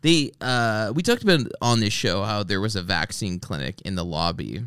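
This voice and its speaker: A man's voice: lowish voice, lively intonation, moderate pace, a bit bright, smooth, no echo, clean studio sound. A man hosting a podcast, chatting casually and telling stories, acting out the people he quotes and swearing freely. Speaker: podcast host. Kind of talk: casual chat.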